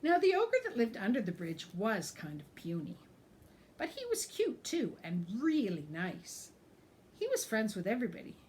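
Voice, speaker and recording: A woman reads a children's picture book aloud in a teacher's voice, stopping now and then to point out the pictures. Her pitch swings in an animated way, and a faint hiss of noise sits under the recording. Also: normal speed. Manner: lively, animated and explaining pictures. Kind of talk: storybook read-aloud for children.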